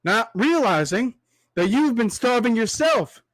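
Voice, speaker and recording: A young man with a high, light voice rants to his livestream viewers in a preachy monologue, dotting it with rhetorical asides. His voice is worn from talking for a long time. The sound is close and dry. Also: expressive, a bit bright, no room sound. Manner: preachy, repetitive rhetorical asides, drawn-out extended metaphor. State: voice tiring from long talk. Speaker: livestream host.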